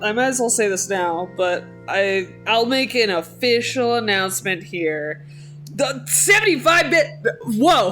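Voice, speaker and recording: A woman's voice: mid-range voice, fairly bright tone. A woman streamer chatting live with her viewers, playful and mock-dramatic, laughing often.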